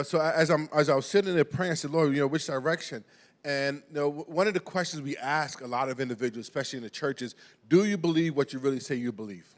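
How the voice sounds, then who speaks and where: A middle-aged man preaching a sermon in a conversational way, restarting words and often asking "right?". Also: medium pitch. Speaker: pastor. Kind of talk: sermon with personal storytelling. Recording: long hall reverb.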